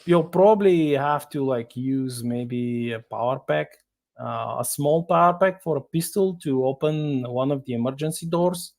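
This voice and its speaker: A man acting as game master, explaining rules in a halting, casual way. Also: mid-range voice, vocal fry, a little mellow. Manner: hesitant, lots of fillers and restarts. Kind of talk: casual tabletop game narration.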